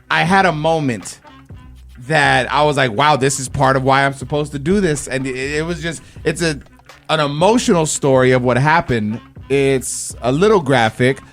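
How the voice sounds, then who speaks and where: A man's voice: mid-range voice, normal speed, a bit bright, soft background music. A young adult man hosting a radio show, telling an emotional story in a casual, earnest way. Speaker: radio show host and comedian.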